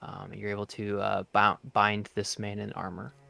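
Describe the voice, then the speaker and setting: A man's voice: lowish voice, completely flat delivery, moderate pace, vocal fry, pushed and bright. A man narrating as game master of a tabletop game, with many hesitant filler sounds.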